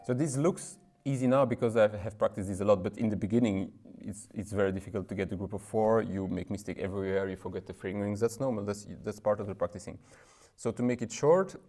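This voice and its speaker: A man's voice: on the low side, fast, few pauses. A man with French as his first language giving a casual piano lesson, explaining practice methods in plain English and asking "right?" as he plays. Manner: explains in plain, slightly non-native English with many "right?" asides. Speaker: piano teacher. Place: room with a piano. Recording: speech over loud piano playing. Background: loud piano playing.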